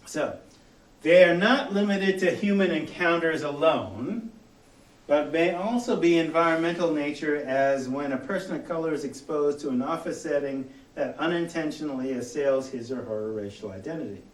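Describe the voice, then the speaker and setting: A man from Los Angeles with a General American accent, giving a relaxed college lecture full of "you know" and quoted exchanges. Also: fairly high pitch, normal speed. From Los Angeles area, US. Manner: conversational, with many "you know" fillers and quoted dialogue. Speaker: college instructor. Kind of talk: classroom lecture. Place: lecture room. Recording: echoey classroom, mic at a distance.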